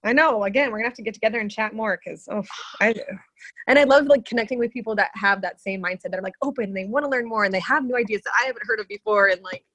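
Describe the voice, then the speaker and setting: A woman's voice: medium pitch, fast, fairly bright tone, no room sound. A woman guest in a casual chat, gushing and enthusiastic.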